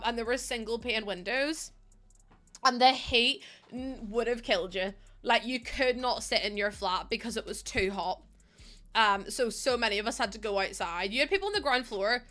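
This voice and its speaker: A woman's voice: fairly high pitch, bright, forceful tone. A young woman chatting casually to her live chat as a streamer, laughing often and filling with "like". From United Kingdom.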